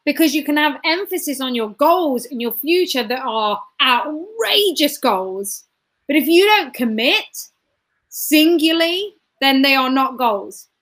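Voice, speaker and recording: A woman's voice: sits high, lively intonation, measured pace, a bit bright. A woman, a guest giving a motivational talk, repeating phrases emphatically and punching points with sound effects.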